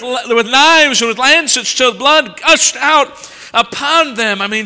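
A male preacher reading scripture aloud and commenting on it in an animated sermon, swinging between loud emphasis and quiet asides. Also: very high voice, a little slow. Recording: long reverb from a large hall.

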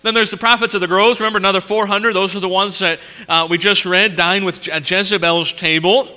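A man preaching an expository sermon, reading scripture and stopping to comment on it. His voice is high-pitched and smooth, and he moves from forceful emphasis to hushed asides. He sounds like he is in a large church, with a long reverb trailing every phrase. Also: fairly quick. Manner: animated, swings between loud emphasis and quiet asides.

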